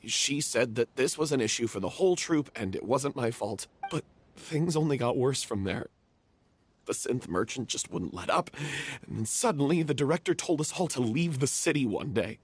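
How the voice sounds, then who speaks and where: A guilt-ridden young man in a theatre troupe confesses and pleads with deep remorse. His voice is husky, mid-pitched, and swings widely in pitch. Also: very animated, normal speed. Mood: somber. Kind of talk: video game voice acting.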